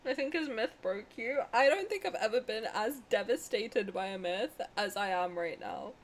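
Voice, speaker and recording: High, lively, emotional young woman streamer. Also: moderate pace, a little hiss or hum. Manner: emotional, laughing, swearing freely. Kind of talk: casual reaction stream.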